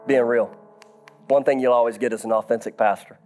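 A man, a pastor telling a self-deprecating story in a sermon, moving from soft asides to shouted high points. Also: lively intonation, fast, soft background music.

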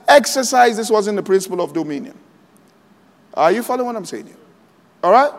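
Male pastor with a very high voice, preaching slowly to a congregation in a reverberant hall. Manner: preaching slowly and deliberately, quoting scripture aloud; checks in with the congregation often. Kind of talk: sermon. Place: large church hall.

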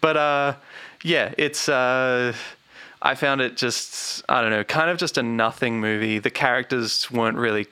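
A man's voice: mid-range voice, a little slow, sharp tone, smooth, dry recording. A man co-hosting a podcast, giving a casual, rambling review with many restarts and fillers. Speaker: podcast co-host. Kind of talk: casual chat.

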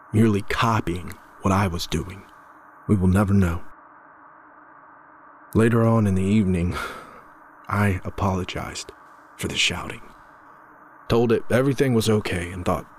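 Man, horror story narrator, very slow delivery, lowish voice, somber and measured, slight stammers. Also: darkish tone, slight background noise. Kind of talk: first-person scripted horror narration.

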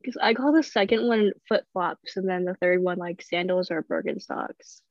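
A woman's voice: lowish voice, normal speed, no room sound, muffled recording. A young woman casually running a word game among friends. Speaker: quiz leader in group chat. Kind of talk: casual group chat.

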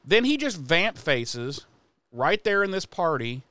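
Smooth-voiced man recapping casually. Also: a little high, measured pace, no echo. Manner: profane, animated retelling with quoted voices. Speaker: podcast co-host recapping an episode.

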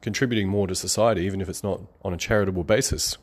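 Rambling low-voiced man. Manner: rambling, conversational, sarcastic, quick to laugh. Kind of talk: motivational monologue.

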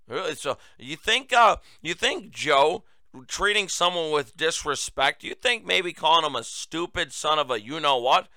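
A male host delivers political commentary with indignant sarcasm. His voice is forceful and tense, smooth and crisp, recorded dry and close. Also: fairly high pitch, animated, a little slow, no room sound. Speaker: talk show host.

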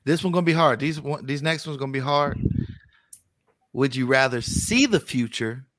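A man hosting a casual chat show, reading out this-or-that questions in a relaxed way. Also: medium pitch, moderate pace, slight background noise. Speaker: host.

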